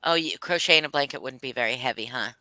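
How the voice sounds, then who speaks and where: Bright, crisp woman hosting a livestream. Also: extremely low pitch, quick pace, no room sound, poor audio. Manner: playful, directs the chat. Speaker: livestream host. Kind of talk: casual livestream chat.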